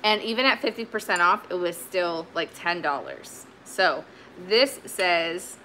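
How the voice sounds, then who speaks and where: A chatty woman talks through her thrift finds in an easy, rambling way, full of fillers and restarts. Her voice is bright and forward, with a faint hiss in the background. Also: lowish voice, a little slow. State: sweaty, warm. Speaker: vintage reseller. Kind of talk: casual haul video chat.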